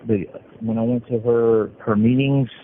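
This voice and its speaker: A middle-aged man from California, an inmate, tells his life story over a prison phone call, halting and restarting his sentences often. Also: medium pitch, steady tone. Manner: halting, with frequent restarts and repeated words. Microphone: prison telephone. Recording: tinny phone line with faint hiss.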